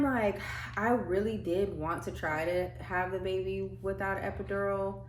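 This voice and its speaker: A woman's voice: medium pitch, fairly even intonation, unhurried, a little hiss or hum. A young woman vlogger telling her birth story in casual chat, full of fillers and acted-out quotes. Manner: chatty, many "like" fillers, acts out quotes. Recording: echoey room with faint ambience.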